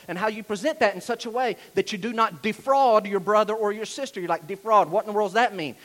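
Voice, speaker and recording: A male pastor with a Southern US drawl preaching a sermon in a direct, conversational way, putting pointed questions to his listeners. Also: sits high.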